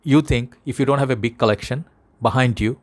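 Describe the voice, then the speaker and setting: In a brisk, mid-range voice, a man with a Bangladeshi accent vlogs about fragrance straight to camera. He's casual and earnest, wandering from point to point while speaking to viewers as brothers.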